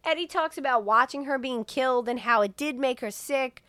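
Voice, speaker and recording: A young woman with a fairly high voice tells a film plot to her co-host. She swears casually and acts out the characters' lines as she goes. The mic is close and dry. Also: moderate pace, no room sound. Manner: profane, animated retelling with quoted voices. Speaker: podcast co-host. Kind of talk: casual movie recap.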